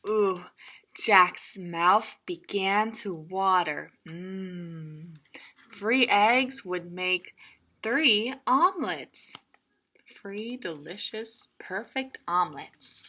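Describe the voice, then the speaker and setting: A children's librarian reading a picture book aloud, playful and animated, with laughing asides. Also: female voice, medium pitch, extremely slow.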